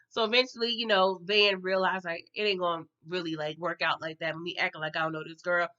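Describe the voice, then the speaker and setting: A woman's voice: medium pitch, fairly even intonation, moderate pace, sharp tone. A woman giving a casual TV episode recap, chatty and slangy, talking to her viewers as y'all and tagging her lines with okay. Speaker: TV recap vlogger. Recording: dull lo-fi sound.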